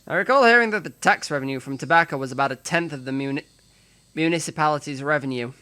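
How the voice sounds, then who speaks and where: A man's voice: fairly high pitch, quick pace, bright, forceful tone, smooth. A male streamer reading a visual novel's text aloud with drama, breaking off for joking, profane asides.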